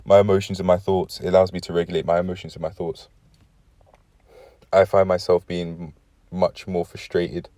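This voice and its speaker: Young man, very low voice, dry close sound, rambling reflective vlog talk, self-correcting, dry throat. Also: flat delivery, normal speed, long pauses, warm tone, no echo. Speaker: vlogger. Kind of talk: casual personal vlog monologue.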